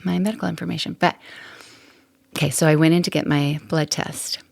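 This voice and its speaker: Casting: middle-aged woman podcast host with a low, gravelly voice, chatty and open. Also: steady tone, a little fast, darkish tone. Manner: chatty and candid, laughs often, rambling asides. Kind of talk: casual solo podcast monologue.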